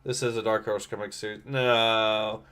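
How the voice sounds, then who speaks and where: A man's voice: lowish voice, flat delivery, moderate pace, a bit bright, clean tone. A man hosting a casual comic book reading livestream, blunt and sarcastic in his remarks. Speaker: livestream host.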